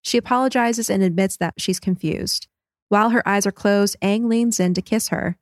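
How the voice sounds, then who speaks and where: A woman co-hosting a podcast, recapping an episode in a brisk, cheerful way. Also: mid-range voice, fairly even intonation, no echo, clean studio sound. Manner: brisk recap, laughs easily. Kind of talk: casual chat and episode recap.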